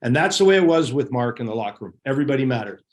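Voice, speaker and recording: Middle-aged male guest, lively anecdotal storyteller, mid pitch. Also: very fast. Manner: animated, laughing anecdotes. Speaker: guest, former hockey goalie. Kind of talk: casual storytelling.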